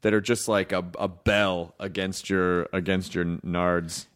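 Joking, low-voiced male podcast host. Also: flat delivery, unhurried, a bit bright. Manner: joking, crude, loose and laughing. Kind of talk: casual comedic interview chat.

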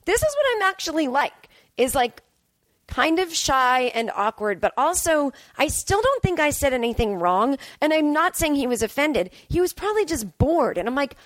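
A woman comedian in her thirties hosts a casual solo podcast, rambling and self-deprecating. Her voice sits a little high, and it leaps higher whenever she quotes herself. The sound is close and dry. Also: sing-song, normal speed, dry recording. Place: hotel room.

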